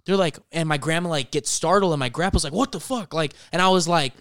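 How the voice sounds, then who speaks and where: Podcast co-host, male, smooth clear voice, swears freely, dry close mic. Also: on the high side, fast talker, no echo. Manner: swears a lot, animated when telling a story. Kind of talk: casual chat, storytelling.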